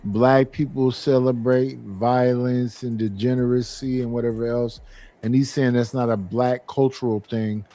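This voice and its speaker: Calm, mellow-voiced man streamer. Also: medium pitch, unhurried. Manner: calm, explaining. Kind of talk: casual chat.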